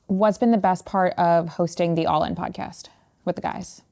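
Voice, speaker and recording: A woman's voice: on the low side, fairly even intonation, normal speed, creaky, mellow, a little hiss or hum. A woman hosting a podcast, asking chatty questions full of fillers. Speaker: podcast host. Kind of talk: casual interview chat.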